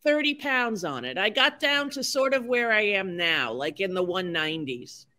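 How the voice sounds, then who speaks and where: A woman's voice: mid-range voice, very animated, moderate pace, sharp tone. A woman in her sixties, a podcast guest talking candidly and frankly, chatty and self-deprecating with lots of fillers. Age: 60s. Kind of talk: candid conversational storytelling.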